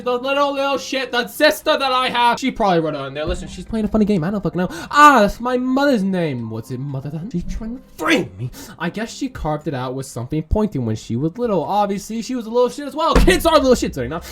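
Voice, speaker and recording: High, lively, swearing gamer. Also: male voice. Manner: profane, rambling, jokey asides. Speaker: gaming YouTuber. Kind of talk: let's play commentary, reading game text aloud. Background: faint game music.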